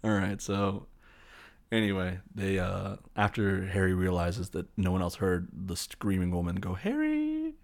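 A man's voice: sits low, completely flat delivery, moderate pace, creaky. A man giving a casual, rambling, jokey recap of a film scene by scene, with lots of fillers. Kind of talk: casual movie recap commentary.

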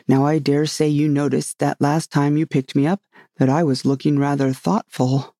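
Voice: medium pitch, flat delivery, moderate pace, mellow, no echo, clean studio sound, close to an everyday voice. A reader doing a grave, rambling inventor knight. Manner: grave, earnest, meandering. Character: rambling, solemn inventor knight, middle-aged man.

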